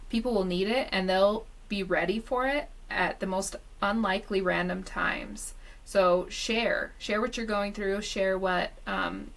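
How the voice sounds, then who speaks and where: A woman hosts a podcast and turns to speak straight to the listeners. Her voice has a gravelly, fry-tinged edge, and her tone is encouraging. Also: mid-range voice, a bit bright, low-quality recording. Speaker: podcast host. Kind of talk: casual interview chat.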